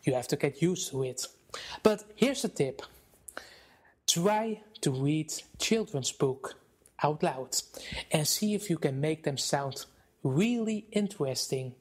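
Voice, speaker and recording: Guy teaching how to present on video, slow careful delivery, big dramatic swings loud to soft. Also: on the high side, breathy edge. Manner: expressive, deliberate, with dramatic shifts to loud and soft. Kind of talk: instructional talk to camera.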